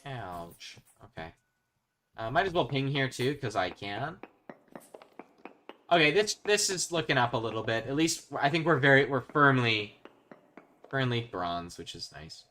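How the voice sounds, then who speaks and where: A young man giving casual commentary while he plays a video game. He swings from quiet muttering to yelling when he is excited. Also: mid-range voice, measured pace, pauses often, slight background noise. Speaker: gaming video host. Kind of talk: casual let's-play commentary.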